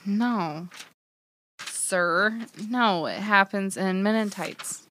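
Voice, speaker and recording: A woman's voice: mid-range voice, drawn-out words, a bit bright, a little hiss or hum. A young woman guest on a podcast who chats playfully about a film, teasing the host and laughing often. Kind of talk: casual film chat.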